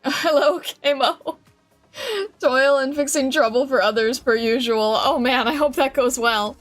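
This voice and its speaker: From a desk mic with a noise filter in a home streaming room with a fan, a woman streamer chats casually with her live chat. Her high-pitched voice moves at a measured pace over faint music, bubbly and giggly as she greets viewers by name.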